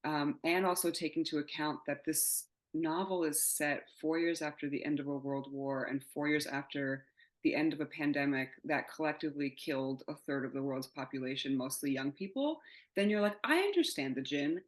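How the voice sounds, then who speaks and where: A woman's voice: sits low, steady tone, normal speed, rough recording. A woman in her thirties, a playwright giving an interview in candid, rambling casual chat, often laughing and swearing. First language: not English. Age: 30s. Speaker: playwright guest.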